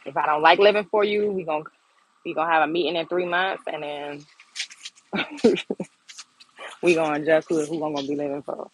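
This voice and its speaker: Outdoors in her garden, this young livestream host talks casually over her phone, blunt and playful and quick to laugh. She speaks fairly quickly in a low, expressive voice with long pauses, and the low-quality audio carries slight background noise.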